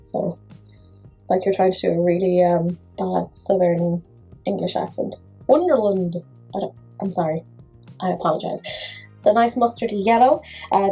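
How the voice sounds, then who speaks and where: A woman talks casually through a makeup review, teasing herself and her viewers. Her voice sits a little high and has a breathy, husky grain. Faint music plays behind her. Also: dark tone, low-quality recording. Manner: chatty, self-mocking humor. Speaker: makeup vlogger.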